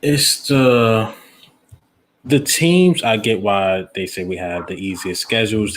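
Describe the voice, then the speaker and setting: Low-voiced man analyzing a sports schedule. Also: fairly bright tone.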